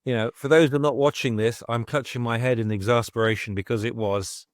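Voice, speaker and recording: A man's voice: mid-range voice, steady tone, fairly quick, dry recording, studio quality. A middle-aged man speaking frankly and with exasperation as a podcast guest, swearing freely as he tells his story. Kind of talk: candid conversational storytelling.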